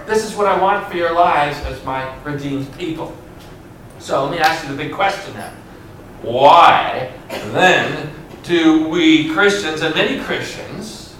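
High-voiced preaching man in echoey church. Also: fairly bright tone, far from the mic. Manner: rhetorical questions, emphatic preaching with dramatic pauses. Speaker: pastor. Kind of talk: sermon. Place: church sanctuary. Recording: roomy church sound from afar, faint hiss.

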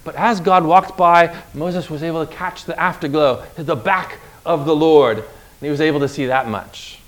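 A man's voice: on the high side, moderate pace. A man preaching a sermon in a conversational way, putting rhetorical questions to his listeners and pushing his voice up sharply for emphasis. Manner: emphatic, voice jumps up on acted pleas.

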